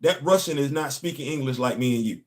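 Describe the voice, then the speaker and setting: A man's voice: medium pitch, animated, quick pace. A man hosting a comics commentary show, ranting emphatically and repeating himself. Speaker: host. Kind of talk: casual commentary.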